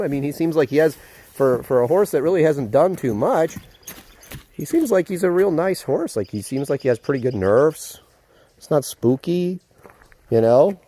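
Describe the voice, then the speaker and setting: A man vlogging casually outdoors at a horse paddock, excited and chatty, with lots of fillers, filmed on a handheld phone. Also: on the high side. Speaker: vlogger, dog trainer. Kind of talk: casual vlog to camera.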